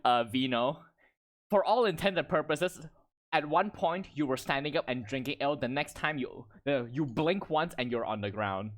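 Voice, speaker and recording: A man's voice: on the high side, expressive, normal speed. Rambling male game master. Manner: casual, rambling, many fillers. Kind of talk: narrating a tabletop game.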